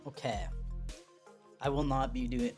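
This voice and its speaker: A woman's voice: very deep voice, measured pace, a little mellow, faint music behind. A woman streamer giving casual, musing commentary while playing a game. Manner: musing, chatty, reads game text aloud.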